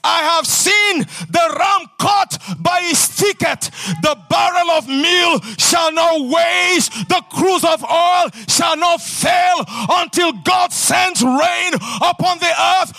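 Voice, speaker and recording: A man preaching a fervent sermon in church, swinging between loud shouted declarations and quieter talk. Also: very high voice, slow pace, creaky, hardly any pauses. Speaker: pastor.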